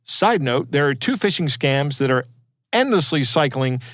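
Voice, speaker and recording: A man's voice: mid-range voice, expressive, moderate pace, fairly bright tone, no echo, clean studio sound. A man co-hosting a podcast, chatting casually and digressing to explain technical details. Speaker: podcast co-host. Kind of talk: casual chat.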